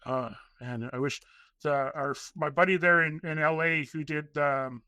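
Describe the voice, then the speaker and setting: A man guesting on a podcast, telling long excited stories in a rambling way and acting out the voices of people he quotes. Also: on the high side, unhurried, no room sound, dull audio. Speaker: podcast guest, documentary filmmaker. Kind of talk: casual interview storytelling.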